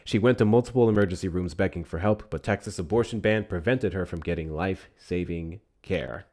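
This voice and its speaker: A man's voice: low-pitched, a little fast, warm tone. A man hosting a live political call-in stream, talking bluntly and heatedly.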